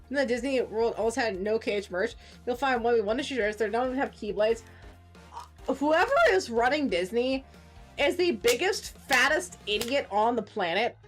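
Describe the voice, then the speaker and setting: A woman in her forties streaming a game, chatting casually and ranting with profane, animated outbursts. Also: fairly high pitch, moderate pace, faint music behind. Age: 40s. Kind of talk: casual gaming stream chat.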